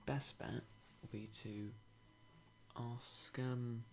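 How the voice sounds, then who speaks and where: A young British man streaming a game, talking in a hushed, half-whispered way with dry self-mocking humour. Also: medium pitch, steady tone, drawn-out words, vocal fry, background noise. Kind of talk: quiet live-stream game commentary.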